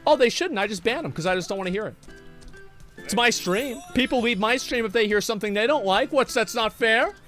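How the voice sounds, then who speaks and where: A man's voice: sits high, animated, brisk, a bit bright, soft background music. A man streaming live, chatting casually and reading chat messages in a sarcastic, profane, rambling way.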